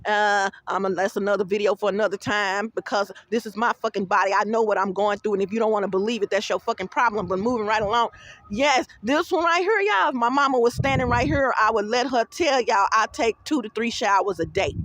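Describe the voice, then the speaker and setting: A woman's voice: medium pitch, fairly quick, a bit bright, no echo. A woman giving a rambling casual vlog monologue. She tells her stories bluntly and profanely, with plenty of animation. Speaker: vlogger.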